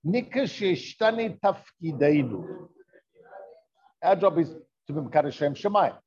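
Man, Torah teacher, explanatory lesson, rhetorical questions, warm dark tone, muffled lo-fi sound. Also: fairly high pitch, lively intonation, a little slow. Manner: explanatory, poses rhetorical questions, drifts into Hebrew terms. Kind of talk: classroom lesson with text reading. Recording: dull lo-fi recording.

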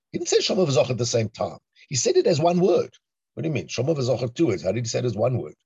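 A man teaching a Torah class in an animated, emphatic way, often asking rhetorical questions. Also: medium pitch, a little fast, husky, dry recording. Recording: dull lo-fi recording.

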